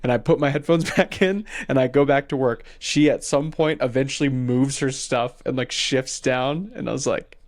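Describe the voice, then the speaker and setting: Mężczyzna opowiadający anegdotę w podcaście. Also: male voice, medium pitch, normal speed, few pauses. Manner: animated retelling, quoting people in his story. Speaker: podcast co-host. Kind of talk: casual storytelling chat.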